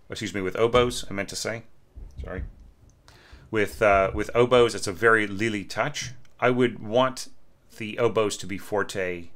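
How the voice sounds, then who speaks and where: A man with a lowish voice talks through a critique of a student's orchestration. His delivery is loose and conversational, full of "you know" and "right?", and he breaks into humming the melody lines to make a point. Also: a bit bright. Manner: loose and chatty, full of fillers, hums melody lines aloud. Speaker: orchestration teacher reviewing a student score. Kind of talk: casual spoken critique.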